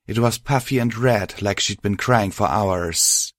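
A man reading a first-person story aloud in a steady, measured way. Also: fairly low pitch, no echo, clean studio sound. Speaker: reader. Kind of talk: first-person fan fiction audiobook narration.

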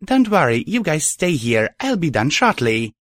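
A man's voice: on the high side, big pitch swings, normal speed, a bit bright, no echo, studio quality, voice pushed up. A man reading a story and voicing an angry, defiant young female alicorn pony heroine who snarls her replies. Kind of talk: audiobook reading of fan fiction.

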